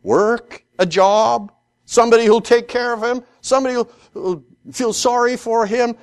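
A man teaching through a scripture passage, acting out the characters' lines and often repeating words while thinking aloud. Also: moderate pace. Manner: animated, acts out the characters' lines with rising pitch. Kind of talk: expository Bible teaching.

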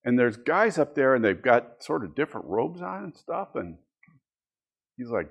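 A man's voice: medium pitch, big pitch swings, moderate pace, creaky, slightly rough, dull audio. A middle-aged man teaching a church history class in a conversational way, mixing reading with personal anecdotes and asides.

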